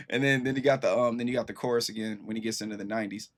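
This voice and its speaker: A man in his thirties giving casual reaction commentary as host, excitable and slangy, swearing freely and talking straight to his viewers. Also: lowish voice, quick pace, very noisy.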